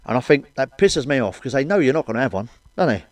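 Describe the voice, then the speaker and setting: A man's voice: medium pitch, sing-song, quick pace, no room sound. A foul-mouthed man delivers a stand-up monologue in a blunt, grumbling rant. His voice sits in an ordinary middle register and sounds close and dry, with no room around it. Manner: swears constantly, blunt, grumbling rants. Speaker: stand-up comedian.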